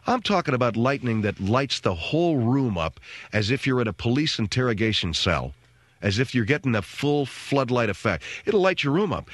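On his radio talk show, a middle-aged man narrates a comedic story playfully and animatedly, imitating voices and noises. He speaks in a mid-range voice, and there's no room sound.

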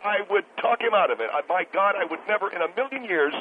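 A man voicing a bitter restaurant-owner caller in a comedic radio call-in bit, who talks in indignant, stammering rushes and repeats himself. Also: high-pitched, expressive. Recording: noisy tinny phone line.

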